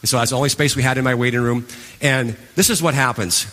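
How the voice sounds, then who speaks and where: A man giving a live stage talk to an audience, telling his story with animated energy and acting out his past reactions. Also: mid-range voice, fast talker. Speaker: motivational speaker. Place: large event hall. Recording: long hall reverb.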